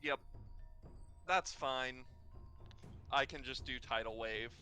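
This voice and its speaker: A man's voice: mid-range voice, slow pace, bright, forceful tone, faint music behind. A man playing a tabletop game, explaining his moves casually and hesitantly, with many fillers. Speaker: player.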